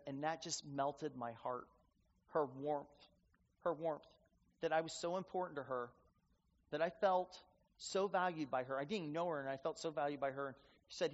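Male pastor, sermon storytelling, slightly high voice, long reverb, muffled sound. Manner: storytelling, repeats phrases for emphasis. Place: church sanctuary. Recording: reverberant hall, dull sound.

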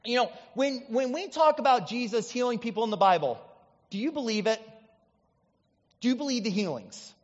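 High-voiced man preaching in a hall. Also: normal speed, muffled recording. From Indiana, US Midwest. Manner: chatty, animated storytelling with many asides. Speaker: pastor. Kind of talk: storytelling sermon.

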